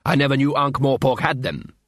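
A man's voice: medium pitch, a bit bright, no echo, clean studio sound, natural voice. A man voicing a curious male dwarf who thinks things through aloud, read as an audiobook character. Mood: reasoning. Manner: quick-thinking, explaining, reasoning aloud.

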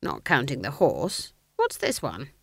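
A woman's voice: very deep voice, huge pitch swings, unhurried, breathy edge, no echo, studio quality, heavily acted. A woman voicing a proud older witch who speaks curtly and disapprovingly. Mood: stern. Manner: curt, disapproving.

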